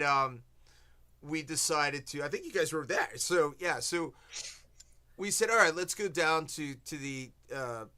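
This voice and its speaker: A man's voice: a little high, pushed and bright. A man hosting a casual chat, telling a long story animatedly and acting out what people said. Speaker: host.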